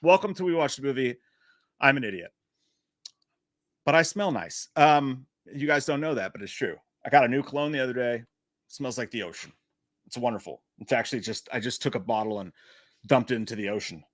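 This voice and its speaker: A man hosting a live chat about a movie, animated and profane, joking at his own expense. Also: mid-range voice, fairly quick, no room sound, studio quality. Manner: animated, profane, self-mocking jokes. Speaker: livestream host.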